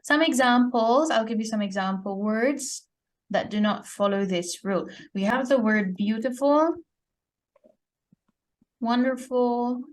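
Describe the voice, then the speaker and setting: A woman's voice: a little high, normal speed. A woman teacher giving a grammar lesson, explaining step by step and often checking her student's understanding with "okay?". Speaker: English teacher.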